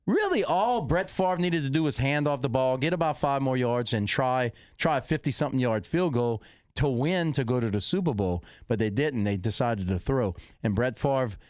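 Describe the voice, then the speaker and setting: A middle-aged man, hosting a podcast, rambling and correcting himself as he excitedly recounts a football game. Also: medium pitch, dry recording, clean studio sound. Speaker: podcast host. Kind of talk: casual storytelling.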